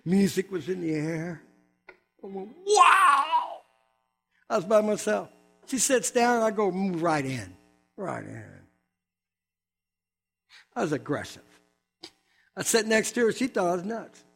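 An older man preaching, telling a humorous personal testimony with animated storytelling and quick asides. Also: high-pitched, soft background music.

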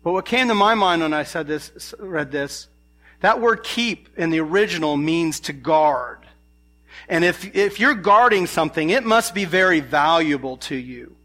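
A man's voice: fairly high pitch, lively intonation, moderate pace, sharp tone. A man preaching a sermon, earnest, often asking the listeners questions. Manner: earnest, asks the congregation questions.

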